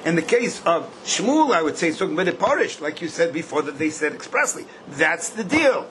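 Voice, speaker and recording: An older man teaches a Talmud class, questioning in a singsong and hitting key points with bursts of emphasis while using Yiddish-style Hebrew terms. His voice is a little high, fairly bright, and sing-song, and he talks fast. The audio is poor, with a little hiss or hum.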